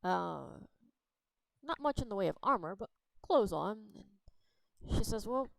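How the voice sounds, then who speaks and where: A woman narrating a fantasy role-play story in an unhurried, rambling way with fillers. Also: medium pitch, expressive, gravelly, no echo, poor audio.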